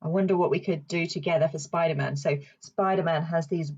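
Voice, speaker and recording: A woman leading a children's song and story session in a playful sing-song way, speaking slowly and clearly for toddlers. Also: low voice, steady tone, darkish tone, lo-fi sound. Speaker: children's speech and language therapist.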